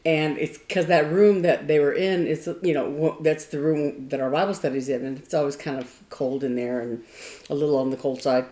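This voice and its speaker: A woman with a notably low voice co-hosts a casual craft podcast. She tells stories in a meandering, thoughtful way. The room around her sounds echoey. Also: steady tone, normal speed, warm tone. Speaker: podcast co-host. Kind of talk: casual chat.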